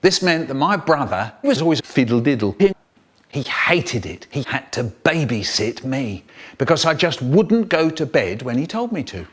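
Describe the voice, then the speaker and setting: An older British man telling comic childhood stories in an animated way, switching to high voices for the children and to a low drone for his brother. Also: moderate pace, breathy edge. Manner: low droning chant for the brother. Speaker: storyteller. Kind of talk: comic storytelling, remixed.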